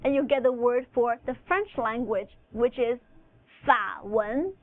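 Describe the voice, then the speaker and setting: A woman whose first language is Chinese, teaching a recorded language lesson with slow, deliberate, carefully enunciated instruction. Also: on the high side, dry recording. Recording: phone-like narrow audio, dry.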